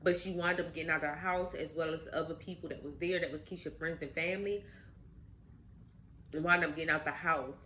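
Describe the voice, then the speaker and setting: A woman's voice: sits low, brisk, slight background noise, poor audio. Woman telling a story casually over lunch. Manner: animated, addresses viewers directly. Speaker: channel host. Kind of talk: casual storytelling while eating.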